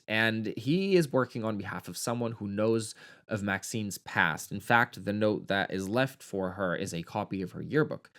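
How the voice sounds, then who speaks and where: A man's voice: medium pitch, a bit bright, smooth. Sarcastic man doing a campy movie review. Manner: sarcastic, campy, swearing freely. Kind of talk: casual movie review commentary.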